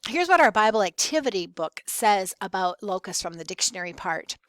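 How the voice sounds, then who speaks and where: A woman teaching a Bible lesson, speaking casually to students and reading scripture aloud with deliberate stress and pauses. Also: medium pitch, big pitch swings, fairly bright tone, clean tone, no echo. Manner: conversational, with fillers and restarts.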